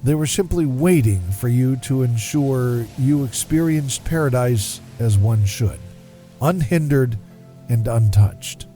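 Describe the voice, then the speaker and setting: A middle-aged man, a podcast host, reading his own scripted narration in a measured, descriptive way. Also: mid-range voice. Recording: soft music underneath.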